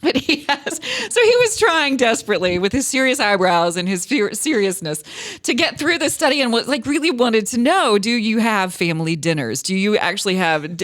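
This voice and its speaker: A woman's voice: mid-range voice, a bit bright, dry recording. A woman in her forties co-hosting a casual radio podcast, telling stories with frequent laughter. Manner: giggly, rambling storyteller. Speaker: radio co-host.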